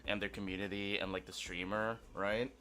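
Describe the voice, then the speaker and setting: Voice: sits low, little pitch movement, brisk, sharp tone. A streamer hosting a collab in casual chat, playful and mock-boastful.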